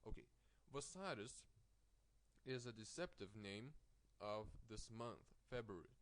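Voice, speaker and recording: Slow, careful man teaching. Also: on the low side, animated, background noise. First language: Lithuanian. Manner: slow, careful, repeats words with stress, small restarts. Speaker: language teacher. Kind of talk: vocabulary lesson.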